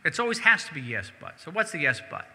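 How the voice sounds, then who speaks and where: A man's voice: a little high, big pitch swings, quick pace, pushed and bright. A man, a diplomat, answering audience questions at a synagogue event in an emphatic, conversational way, repeating words as he goes. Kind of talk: public Q&A answer. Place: synagogue hall. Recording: hall reverb.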